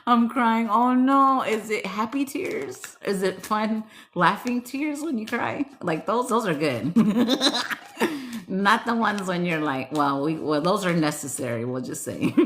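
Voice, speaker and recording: A woman's voice: medium pitch, big pitch swings, slow pace, a little hiss or hum. A woman hosting a casual livestream, reading chat and giggling often, switching between English and Spanish in a playful, teasing way.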